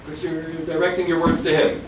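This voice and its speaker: A man's voice: on the high side, fast talker. Rabbi guy spinning a story, drops yiddish and hebrew words everywhere, sounds distant w faint hiss behind. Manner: animated storyteller mixing in Hebrew and Yiddish terms; emphatic, repeats key phrases. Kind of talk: storytelling lecture. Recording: echoey hall from far off, faint noise.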